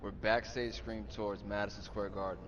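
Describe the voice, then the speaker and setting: A man in casual chat, telling a backstage story with animated, rising energy. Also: on the low side, moderate pace, dull audio. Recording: loud game noise behind.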